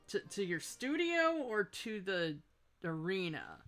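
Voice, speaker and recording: Let's-player yammering over a game, bright sharp voice, soft game music behind. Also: medium pitch, lively intonation, a little slow, rough recording. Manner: chatty, rambling, self-deprecating jokes. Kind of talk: casual gameplay commentary.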